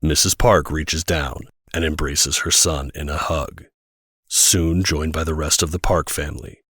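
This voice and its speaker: A man narrating an audio drama in a measured, descriptive way. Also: very deep voice, steady tone, fairly bright tone, husky, dry recording, studio quality. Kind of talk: scripted narration.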